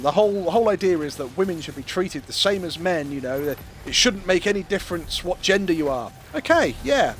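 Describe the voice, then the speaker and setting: A man's voice: high-pitched, slight background noise. A man with an English accent, a streamer chatting casually and swearing as he talks. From England. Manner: animated, swearing, banter-heavy storytelling. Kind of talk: casual chat while gaming.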